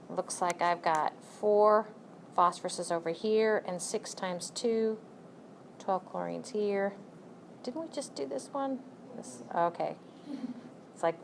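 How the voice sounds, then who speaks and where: A woman's voice: mid-range voice, takes it slowly, vocal fry, pauses often, slight background noise. A woman teaching chemistry in a recorded lecture, chatty and self-correcting, with joking asides to her students. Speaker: chemistry instructor.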